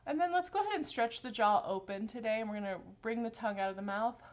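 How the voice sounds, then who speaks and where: A woman voice teacher leading a live-streamed vocal warm-up class, giving gentle, encouraging instructions, greeting viewers by name, and demonstrating hums and sung sounds. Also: on the high side, quick pace.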